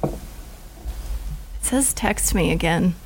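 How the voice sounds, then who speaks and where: A woman's voice: on the low side, expressive, slow, very noisy. A woman making prank calls with friends, giggly and swearing freely in comedic banter. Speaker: prank caller.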